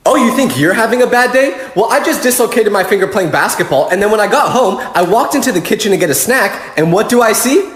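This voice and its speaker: A young man tells comic stories, quick and exasperated. His voice sits high and swings widely, with a husky edge. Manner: animated, exasperated storytelling. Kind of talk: comedic storytelling skits.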